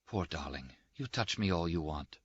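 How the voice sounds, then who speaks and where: A man voicing a dying young woman who speaks softly and haltingly, with a tender, brave manner. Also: low voice, animated, slightly rough, no room sound, highs cut off, exaggerated voice. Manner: soft, faint, halting.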